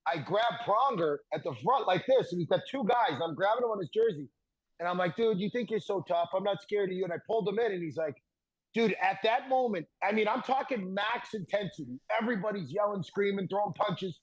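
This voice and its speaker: A man in his thirties, a podcast guest telling stories in a casual, animated way and laughing through the punchlines. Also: high-pitched, fairly quick, slightly rough, poor audio. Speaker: podcast guest, former hockey defenseman. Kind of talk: casual storytelling.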